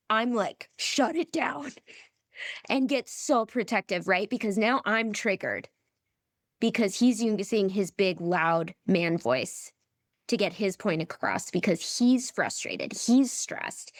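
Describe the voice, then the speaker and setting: A woman's voice: mid-range voice, no room sound. A woman coach on a podcast, speaking emphatically and often checking in with "right?". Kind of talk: podcast conversation.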